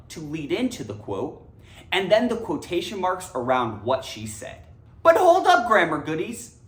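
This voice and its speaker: A woman teaching English grammar, upbeat and emphatic in a teacherly way. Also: on the low side. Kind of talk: educational explainer. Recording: echoey room.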